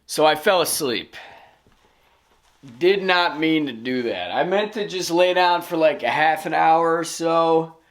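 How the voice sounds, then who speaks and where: A man's voice: a little high, unhurried, fairly bright tone. A man casually vlogging his day at home, laid-back and self-mocking, swearing now and then. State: out of breath. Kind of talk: casual vlog talk to camera. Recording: echoey room with faint noise.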